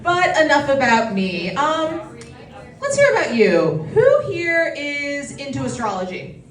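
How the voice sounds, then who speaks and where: A woman doing a stand-up comedy set at a bistro, with a quick, self-deprecating delivery and crude punchlines. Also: high-pitched, wildly swooping pitch. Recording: echoey room from a distance, loud crowd.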